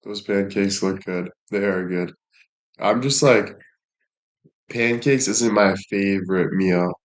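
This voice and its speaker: A young man talks to his live-stream viewers in a fairly low, easygoing voice. He teases and jokes crudely, swearing freely as he chats and thanks people. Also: slow. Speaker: livestreamer. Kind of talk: casual live-stream chat.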